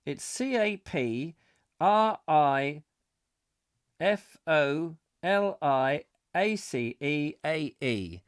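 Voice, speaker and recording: A man's voice: on the high side, animated, extremely slow, clean tone, dry recording, studio quality. A middle-aged man hosting a live comic chat show, reading out viewer comments with playful, rambling jokey asides.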